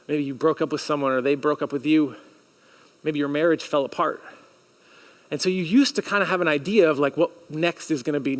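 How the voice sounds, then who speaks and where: A man preaching a sermon as pastor, talking in a conversational, earnest way and acting out the questions his listeners might ask. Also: sits high. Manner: animated, with audience call-and-response. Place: church sanctuary.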